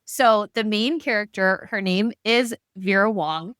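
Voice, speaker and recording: In clean studio sound without echo, a podcast co-host with an unhurried, mid-range, slightly bright, clean-toned voice discusses books. She's casual and animated, leaning on "like" often and swearing once in a while.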